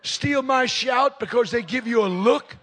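A man preaching a fiery revival sermon at a crusade meeting, shouting, punchy and joking with the congregation. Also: very high-pitched, a little slow, heavy background noise.

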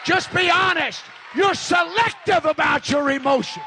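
A man preaching a fiery revival sermon at a crusade meeting, shouting, punchy and joking with the congregation. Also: very high voice, animated, a little slow, crowd noise, noisy background.

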